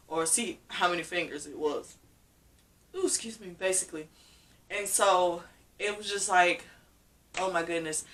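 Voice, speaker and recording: Bright-voiced woman telling a story. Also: on the low side. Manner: animated, laughs often, says "literally" a lot. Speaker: vlogger. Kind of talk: casual storytelling. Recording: voice a bit far from the mic.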